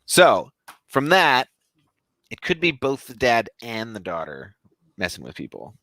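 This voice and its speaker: Male co-host, animated storyteller, mid-pitched, very dry sound. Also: a little slow, no room sound. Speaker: podcast co-host. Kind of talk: casual podcast chat.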